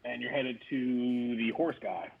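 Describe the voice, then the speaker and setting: A man's voice: mid-range voice, steady tone, measured pace, creaky. Easygoing male game master on a lo-fi stream. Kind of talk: narrating a tabletop game. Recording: slightly dull lo-fi stream audio with faint noise.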